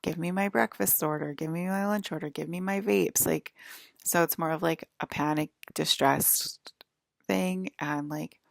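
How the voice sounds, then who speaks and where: A woman's voice: low-pitched, steady tone, a little slow, creaky, dry recording, studio quality. A woman vlogger talking to her viewers in a rambling, agitated monologue, swearing and restarting often. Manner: rambling, agitated and profane, many fillers and restarts.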